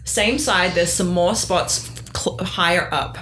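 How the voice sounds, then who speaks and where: A middle-aged woman chats casually, telling a story with lively energy. She acts out what other people said as she goes. A little faint noise sits behind her voice. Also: fairly low pitch, slow. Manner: animated, acts out quoted dialogue. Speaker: guest sharing her story.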